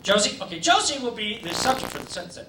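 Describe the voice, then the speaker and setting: A man's voice: high voice, sing-song, quick pace, recorded from a distance, noisy background. A man doing a stand-up set in a comedy club, teasing the crowd with crude jokes. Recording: roomy club taped from afar, loud crowd.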